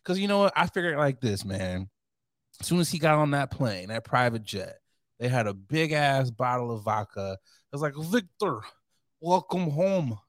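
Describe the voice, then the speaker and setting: A man's voice: mid-range voice, normal speed, no echo, studio quality. A man co-hosting a casual podcast chat, joking and acting out quotes as he talks. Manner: animated, joking, acts out quotes. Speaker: podcast co-host.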